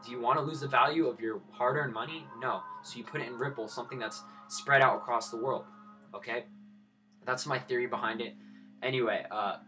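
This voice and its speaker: A man's voice: medium pitch, steady tone, a little fast, bright, forceful tone, soft background music. A man in his twenties giving blunt, profane live-stream commentary on his crypto trades and lecturing his viewers. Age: 20s.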